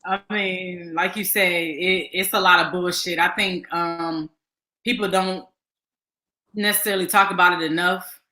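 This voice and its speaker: A woman's voice: fairly low pitch, steady tone, unhurried, pushed and bright, reverberant, low-quality recording. A woman interview host with a Houston Southern accent, chatty and encouraging with her guest. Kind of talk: casual interview chat.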